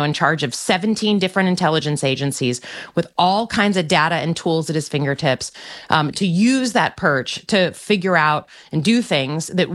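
A middle-aged woman senator answering interview questions in a measured, firm way. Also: low voice. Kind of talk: political interview.

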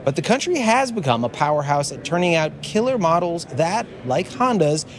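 A man delivering a scripted radio news report in a measured, even way. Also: on the high side.

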